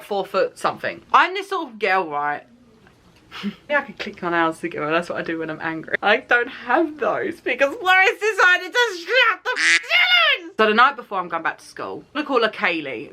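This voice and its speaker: A British woman in her twenties, an animated and dramatic storyteller who laughs and swears while she vlogs. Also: medium pitch. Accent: British English. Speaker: YouTuber. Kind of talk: storytime vlog.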